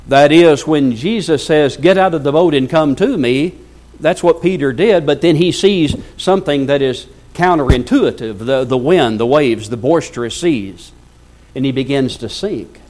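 A man's voice: a little high, normal speed, a little mellow. A male preacher giving a sermon, reading scripture aloud and asking the congregation rhetorical questions. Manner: reads scripture aloud at length.

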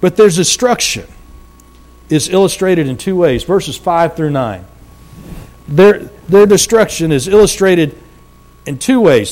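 Preaching man, slow and emphatic. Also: lively intonation, a little mellow. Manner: measured preaching, slows for emphasis, drops low at phrase ends. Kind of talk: sermon.

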